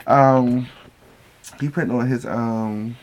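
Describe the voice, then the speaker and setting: A man's voice: medium pitch, fairly even intonation, slow. A man recapping a reality show in a casual vlog, telling it as profane, gossipy stories and acting out what people said. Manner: acts out quoted lines.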